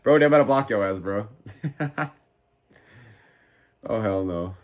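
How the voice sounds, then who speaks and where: A man in his twenties hosting a live fight watch-along, reading chat aloud and reacting in a profane, excitable way. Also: fairly low pitch, unhurried. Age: 20s. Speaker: live stream host.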